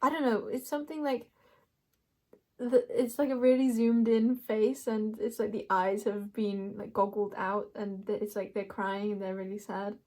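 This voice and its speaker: A woman's voice: mid-range voice, little pitch movement, normal speed, darkish tone. A young woman doing a casual card reading, playful and rambling, laughing often as she talks to herself and the viewer. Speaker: tarot reader.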